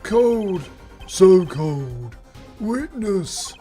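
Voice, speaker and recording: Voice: mid-range voice, sing-song, very slow, mellow, faint music behind. A streamer voicing a dying, wounded older man who gasps out broken words while reading a video game aloud. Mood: gasping, fading. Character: dying wounded older male manager, gasping.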